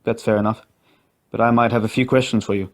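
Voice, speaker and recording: A man's voice: fairly low pitch, steady tone, fast talker, close to an everyday voice. A man reading an audio story, voicing a guilt-ridden man returning home who speaks in a curt, defiant way.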